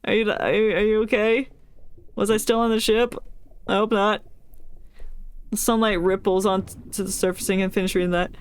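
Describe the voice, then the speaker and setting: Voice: mid-range voice, level tone, normal speed, pauses often, smooth. A streamer who reads a game's story aloud and breaks in with playful, joking reactions and frequent laughter. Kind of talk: reading game story aloud with live reactions.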